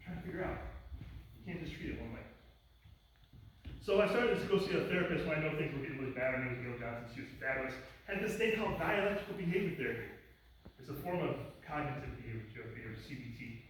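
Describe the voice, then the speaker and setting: A man's voice: on the high side, expressive, fast talker, pauses often. A man speaking as a guest on mental illness, telling a personal story to a live class in a casual, conversational way with bursts of emphasis. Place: academy lecture room. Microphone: distant room mic. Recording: echoey room, distant mic, faint noise.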